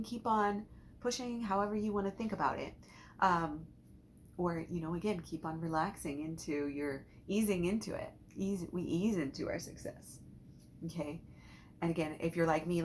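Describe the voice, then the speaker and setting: Low-voiced lady coaching mindset stuff, rambly and casual, lots of you-knows, bit of hiss behind. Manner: chatty, rambling, many fillers and restarts. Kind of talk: casual guided teaching talk.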